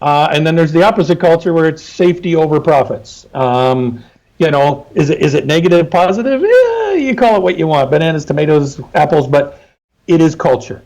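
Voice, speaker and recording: A man's voice: a little high, brisk, darkish tone, rough recording. A middle-aged man, a trucking safety consultant, talking casually and emphatically as an interview guest.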